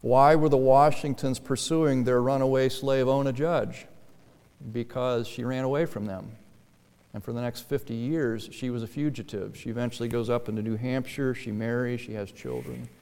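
A man's voice: mid-range voice, moderate pace, a little mellow, clean tone. A male pastor preaching a sermon in a conversational way, building to emphatic, raised passages. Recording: reverberant hall.

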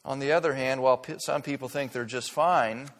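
A man's voice: mid-range voice, fairly even intonation, fairly bright tone. Earnest man preaching in an echoing hall. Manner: earnest, emphatic, slows down to stress key words. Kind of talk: sermon.

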